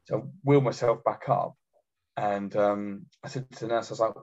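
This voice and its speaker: An army veteran telling blunt, sweary stories in a casual chat. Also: male voice, lowish voice, fairly even intonation, fast, creaky, a little mellow, muffled recording, soft background music. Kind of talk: casual podcast storytelling.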